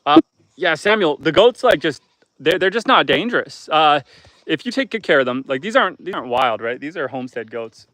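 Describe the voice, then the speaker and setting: A man's voice: a little high, sing-song, a little fast, sharp tone, no echo. Chatty homesteader man outdoors. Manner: chatty, talks to his goats and reads out viewer comments. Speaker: homesteader hosting a live stream. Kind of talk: casual live-stream chat. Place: outdoors on a homestead among goats.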